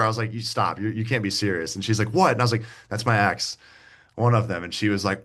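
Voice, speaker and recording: A man's voice: on the low side, fast talker, fairly bright tone. A man in his thirties, a podcast guest, telling a long story in a loose, rambling way with many restarts. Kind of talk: casual interview chat.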